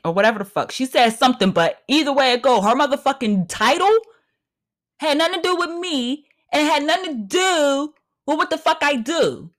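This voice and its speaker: A woman's voice: sits high, lively intonation, moderate pace, a bit bright. A woman hosting her own podcast, ranting in a heated, emphatic and profane way. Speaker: podcast host. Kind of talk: solo podcast rant.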